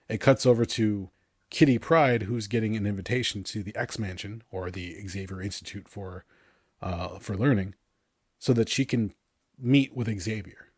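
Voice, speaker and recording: A man in his thirties chatting on a podcast, telling animated stories about cartoons he loved and laughing often. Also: lowish voice, moderate pace, slightly rough, no echo, studio quality. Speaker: podcast co-host. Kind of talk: casual podcast chat.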